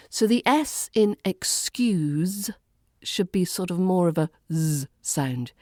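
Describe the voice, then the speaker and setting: An English woman with an RP accent coaches pronunciation at an unhurried pace. Her voice is mellow and slightly low, and she models each phrase clearly and deliberately. The recording is dry and close. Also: dry recording. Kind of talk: accent lesson with example phrases.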